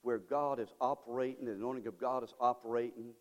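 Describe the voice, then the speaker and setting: A man preaching a sermon as pastor, moving from quiet, halting asides to loud, drawn-out exhortation. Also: mid-range voice, steady tone, big-room sound, muffled recording. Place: church sanctuary.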